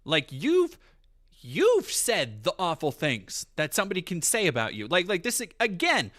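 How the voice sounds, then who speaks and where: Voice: medium pitch, wildly swooping pitch, a bit bright. A streamer ranting heatedly and profanely on their stream. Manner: profane, heated, fast rant. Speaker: commentary streamer.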